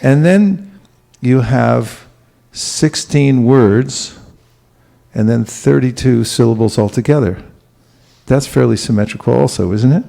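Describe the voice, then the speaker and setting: Male spiritual teacher, easygoing sermon style, warm dark tone with a gravelly edge, quizzes the room. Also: mid-range voice, slow pace. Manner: relaxed, asks the audience questions, chuckles. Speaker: spiritual teacher giving a class. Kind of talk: conversational sermon.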